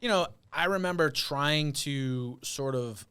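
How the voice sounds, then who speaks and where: A man's voice: fairly high pitch, slow, sharp tone, smooth. A man who is a guest on a podcast, telling stories about putting on concerts in a reflective, playful, conversational way. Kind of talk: casual interview chat.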